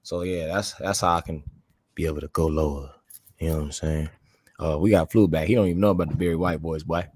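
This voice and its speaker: A man co-hosting a casual podcast chat, animated and quick to break into high yelps. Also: dry recording. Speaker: podcast co-host.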